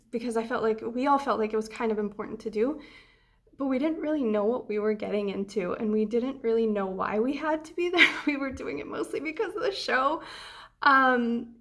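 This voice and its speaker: Young adult woman vlogger, somewhat high voice, chatty and heartfelt with plenty of ums. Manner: chatty and emotional, many ums and restarts. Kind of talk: casual travel vlog.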